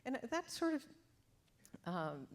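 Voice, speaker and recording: A woman interviewing a poet on stage, measured, setting up her questions with quotes. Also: high voice, very animated. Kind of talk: onstage interview. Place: auditorium.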